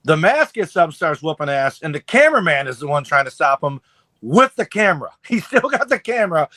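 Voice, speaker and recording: Guy co-hosting a podcast, swears a lot, kinda high voice, dry close sound. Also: fairly quick, no echo. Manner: profane, animated storytelling. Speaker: podcast co-host. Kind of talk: casual chat.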